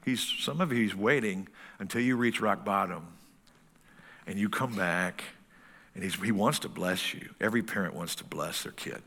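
A man's voice: lowish voice, moderate pace, sharp tone. A man in his sixties preaching a sermon as pastor, folksy and full of stories.

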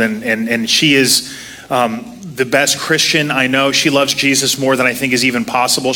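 A man's voice: medium pitch, pushed and bright. A man in his thirties preaching a casual sermon while seated, self-deprecating and joking as he tells stories. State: walking with a limp, sitting to preach.

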